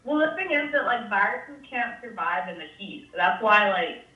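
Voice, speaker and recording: A woman's voice: mid-range voice, lively intonation, normal speed. A woman in casual chat, hedging her explanations with lots of "like". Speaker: guest. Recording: roomy, distant, dull sound.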